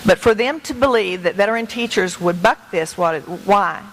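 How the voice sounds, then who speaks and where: A woman's voice: mid-range voice, lively intonation, normal speed, fairly bright tone, low-quality recording. A middle-aged woman educator giving an earnest, emphatic talk to a meeting as a guest speaker, speaking conversationally. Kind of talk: public talk to a meeting with slides.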